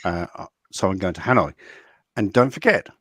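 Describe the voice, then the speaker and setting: A man's voice: deep voice, lively intonation, moderate pace, dry recording, studio quality. A man from England, co-hosting a casual chat, rambling with stumbling restarts. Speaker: co-host.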